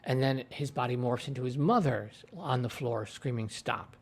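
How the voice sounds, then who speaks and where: A man's voice: medium pitch, normal speed, a little mellow. A man giving a casual spoken review of a TV episode, retelling scenes in a rambling way with lots of fillers, into his own desk microphone. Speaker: TV show reviewer.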